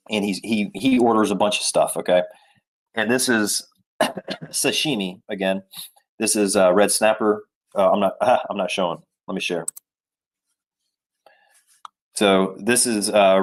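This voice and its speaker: A middle-aged man with a fairly low voice spins a chatty story to his live chat. He wanders through asides and fillers and talks casually into a desk mic. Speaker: travel vlogger.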